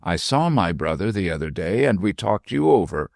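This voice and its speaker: A man voicing a tiny, shrewd and mischievous old woman dwarf with a shrill, teasing manner in a storybook reading. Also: sing-song, normal speed, gravelly, no room sound, clean studio sound, exaggerated voice. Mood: sly, scolding. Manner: sharp, teasing, whimsical.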